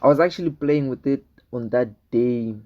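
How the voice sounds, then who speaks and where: Young guy telling a storytime, rambly, keeps saying right?, mellow dark voice. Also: medium pitch, normal speed, highs cut off. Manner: rambling, repeats words, checks in with "right?"; acts out dialogue in his retelling. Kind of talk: casual storytime vlog.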